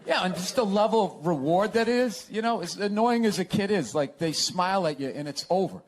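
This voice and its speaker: High-voiced sarcastic ranting man. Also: expressive, brisk. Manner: sarcastic, ranting, laughing often. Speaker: comedian guest. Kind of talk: casual interview chat.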